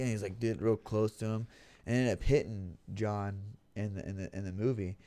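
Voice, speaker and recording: Young guy, rapid casual storyteller, lots of fillers, slightly low pitch. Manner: animated storytelling full of "like" and "you know". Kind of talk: casual chat.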